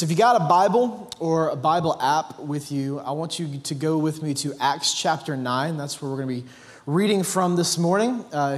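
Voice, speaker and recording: A pastor delivers a sermon in a casual, conversational way, pausing on filler words as he reads and explains scripture. His voice sits a little higher than most men's. A long reverb from the large church hall trails behind each phrase. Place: church sanctuary.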